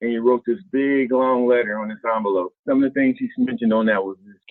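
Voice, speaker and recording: A lively man from Ohio spins his stories in loose, slangy talk and jumps high and low as he acts out what others said. His voice is tinny and narrow, like a phone call. The sound is dry and close, with no room around it. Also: fast, dry recording. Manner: animated, colloquial, acts out quotes with big pitch jumps. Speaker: guest, former basketball player. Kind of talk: casual storytelling.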